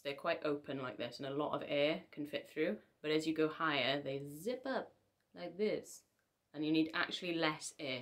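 Young singer, low-pitched, casual and wry, teaching to camera. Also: female voice. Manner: chatty, self-deprecating asides. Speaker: singer giving vocal tips.

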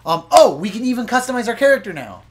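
A young man gives loose, crude, teasing commentary over a video game. His voice sits high for a man, and he keeps the banter going casually. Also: sing-song, fast. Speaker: let's play commentator.

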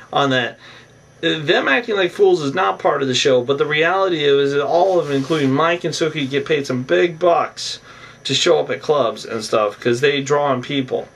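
A man's voice: fairly high pitch, vocal fry, fairly bright tone, recorded from a distance. A man casually recapping a reality show episode in a rambling monologue, chuckling often and tacking filler phrases onto his sentences, with the occasional opinionated aside.

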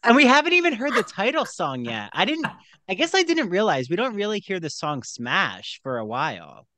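A man chatting on a podcast about a show, his pitch bouncing all over and his tone bright and forward. He gushes, acts out lines and keeps the talk moving. The sound is close and dry. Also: moderate pace, no echo. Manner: animated, gushing, acts out quotes. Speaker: podcast co-host. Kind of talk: casual chat about a TV show.

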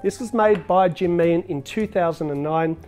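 A man working as bartender and show host runs a cocktail demonstration, chatting in an upbeat way full of filler words. His voice is high and a little mellow, at a moderate pace.

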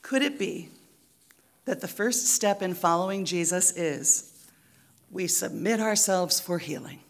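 Slow, deliberate woman pastor preaching. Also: on the low side. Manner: deliberate, emphatic, with rhythmic repetition. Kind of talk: sermon. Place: church.

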